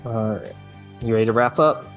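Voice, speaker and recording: A man's voice: medium pitch, brisk, soft background music. A young adult man co-hosting a casual anime podcast, reacting and asking his co-host questions. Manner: relaxed, asks questions and reacts.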